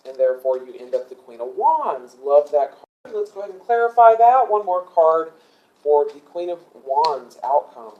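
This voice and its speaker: A man's voice: fairly high pitch, very animated, normal speed, darkish tone, lo-fi sound. A man doing a casual tarot reading, thinking aloud with many ums and asking angels for guidance as he goes. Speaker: tarot reader.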